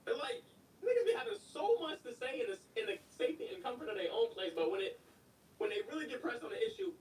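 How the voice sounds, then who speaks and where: Profane excitable streamer man, echoey room. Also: very high-pitched, fast, distant mic, a little hiss or hum. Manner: profane, excitable, laughs loudly. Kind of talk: live stream reaction commentary.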